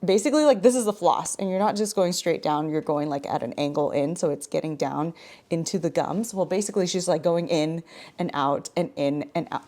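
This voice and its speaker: A woman's voice: sits low, fairly quick, dark tone. A woman in her thirties vlogging in a frank, chatty way, full of filler words. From Washington state. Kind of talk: casual chat.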